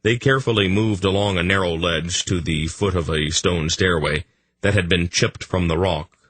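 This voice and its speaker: A man reading a fantasy audiobook in a measured, even storytelling manner. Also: low-pitched, slightly rough. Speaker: audiobook narrator. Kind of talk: scripted fantasy narration.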